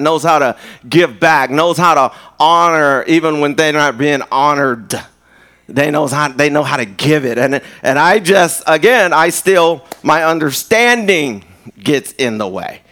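A man's voice: on the high side, a bit bright. A man pastor preaching a live sermon in a conversational way, often repeating words and building to emphasis. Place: church.

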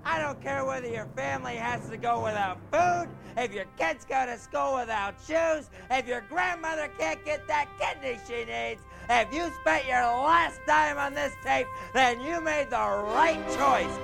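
A man's voice: very high-pitched, measured pace, creaky, few pauses, bright, forceful tone, faint music behind, full character voice. A man putting on a brash, boastful male pro wrestler who hypes a tape with bellowing, flamboyant patter. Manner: flamboyant, bellowing huckster patter with whooping cries.

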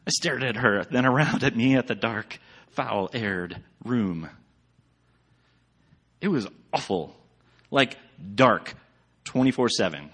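A man with a fairly low voice gives a relaxed, rambling church talk. He speaks loosely and conversationally, full of fillers and restarts. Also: measured pace, pauses often, breathy edge. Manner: chatty, rambling, with many fillers. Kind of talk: casual sermon with slides.

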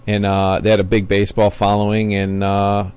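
A man's voice: fairly low pitch, monotone, moderate pace, darkish tone, clear, resonant tone. A man in his forties, a former baseball player, talks as a podcast guest in a casual, rambling way with lots of fillers. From Florida, USA. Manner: chatty storyteller with many fillers and restarts. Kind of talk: casual interview chat.

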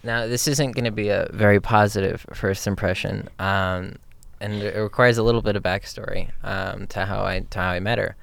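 A young man tells a story in a casual chat with his partner and gets animated, sometimes mimicking other voices. His voice sits fairly low with a gravelly edge, yet stays smooth and resonant. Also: moderate pace, no room sound. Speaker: partner in a couple's conversation.

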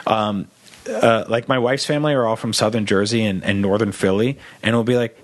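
A man's voice: fairly low pitch, a little fast. Rambling man on a comedy podcast. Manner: rambling, animated, acts out quoted voices. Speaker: podcast co-host. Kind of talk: casual comedy podcast chat.

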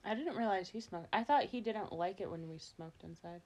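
A young woman hosting a podcast, chatting casually, giggling and animated. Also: mid-range voice, fairly quick. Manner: giggly, animated, slips into voices. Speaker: podcast host. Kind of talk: casual chat.

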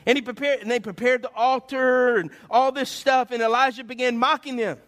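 A man preaching a sermon as pastor, animated and conversational, asking his listeners questions. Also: very high-pitched, fairly quick.

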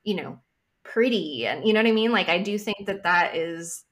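A woman's voice: medium pitch, animated, moderate pace, fairly bright tone. A woman astrologer talking casually on a podcast, thoughtful and emphatic, with frequent hedging asides. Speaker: astrologer guest.

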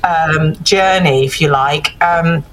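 A woman's voice: low-pitched, a little hiss or hum, rough recording. Thoughtful woman critiquing writing. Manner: thoughtful, measured critique with many fillers. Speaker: panelist giving writing feedback. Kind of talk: casual panel discussion.

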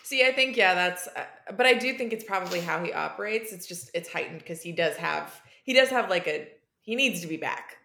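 A woman co-hosts a film podcast in casual chat. Her voice is gravelly and bright, lower than most women's, and she makes wry, dry remarks. The room around her is echoey. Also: lively intonation, a little fast, hardly any pauses. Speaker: podcast co-host.

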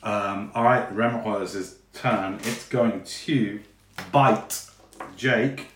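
A man narrating as game master for a tabletop game, relaxed and chatty with lots of fillers. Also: lowish voice, very slow. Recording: echoey room with faint noise.

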